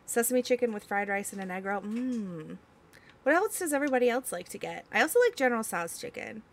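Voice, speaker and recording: A woman's voice: on the high side, animated, fairly quick, gravelly. A young woman streamer, reading chat aloud and giggling in casual talk.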